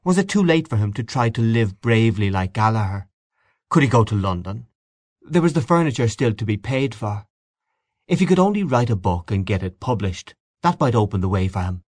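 A man narrates a classic short story in a steady, measured manner. His voice sits on the lower side. The recording is dry, with no room echo. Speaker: audiobook narrator. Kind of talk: scripted literary narration.

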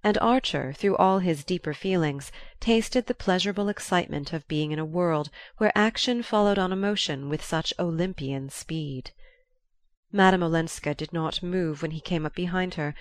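A woman narrating a classic novel in a measured, even reading. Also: fairly low pitch, dry recording. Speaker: audiobook narrator. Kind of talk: scripted narration.

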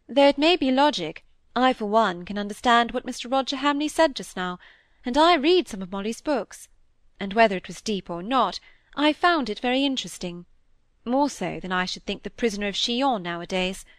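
A woman reading the part of a witty, playful young Victorian woman, light and teasing, a little higher in pitch. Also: expressive, normal speed, no room sound, clean studio sound, lightly acted. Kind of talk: audiobook character reading.

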